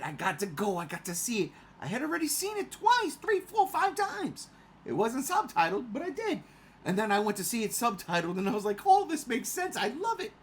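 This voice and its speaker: A man in his forties talking casually on a podcast, with a lively voice that leaps up and down in pitch. He jumps from loud, laughing outbursts to low mutters and swears often. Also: a little hiss or hum. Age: 40s. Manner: animated, swings from loud rants to low mutters; swears freely, laughs mid-sentence. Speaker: podcast co-host. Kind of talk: casual chat.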